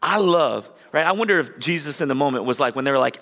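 A man's voice: fairly high pitch, animated, quick pace, a bit bright. A male pastor preaching a sermon in church, conversational and emphatic, repeating his key phrases. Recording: long church hall reverb.

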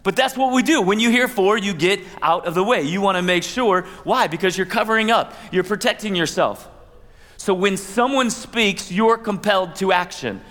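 A man's voice: high-pitched, moderate pace, fairly bright tone. Man preaching in an echoing hall. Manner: conversational preaching with asides and playful quoted voices. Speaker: pastor. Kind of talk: sermon. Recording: long hall reverb.

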